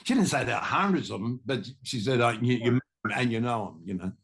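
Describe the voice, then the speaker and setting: A man's voice: mid-range voice, sing-song, brisk, a bit bright, slightly rough. An older man, telling stories in a rambling, casual podcast chat. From Australia. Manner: rambling, storytelling, many restarts. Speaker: guest musician.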